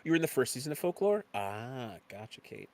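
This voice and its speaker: A man's voice: brisk, no echo. Playful male streamer chatting. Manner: playful, greets chat, jumps up in pitch when excited. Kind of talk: casual chat on a game stream.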